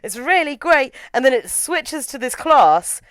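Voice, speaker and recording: A young woman reviewing a horror film in casual chat, animated and opinionated with quick asides. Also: high voice, no room sound. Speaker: film reviewer, podcast co-host.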